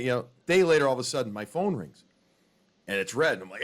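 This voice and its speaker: A man's voice: medium pitch, expressive, fast, a bit bright. Chatty man rambling through stories. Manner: rambling storyteller, chatty, many restarts. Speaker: podcast co-host, hockey broadcaster. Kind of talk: casual podcast interview.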